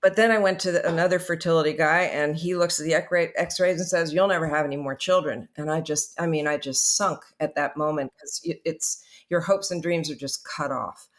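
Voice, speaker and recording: A woman's voice: low voice, fairly quick, hardly any pauses. An older woman, a guest author, telling her faith story in an earnest, reflective way on a podcast interview.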